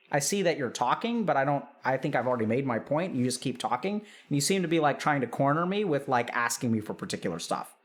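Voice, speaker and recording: A man hosting a stream, giving casual advice and acting out dialogue with animated delivery. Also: on the high side. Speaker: host.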